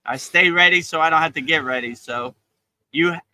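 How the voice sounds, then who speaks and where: A man with a very bright, forceful voice and a fairly high pitch, giving a laid-back spiritual talk. He sounds relaxed and encouraging and circles back to the same phrases. The sound is dry and close. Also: fairly quick, dry recording, low-quality recording. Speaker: spiritual teacher. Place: outdoors on a beach.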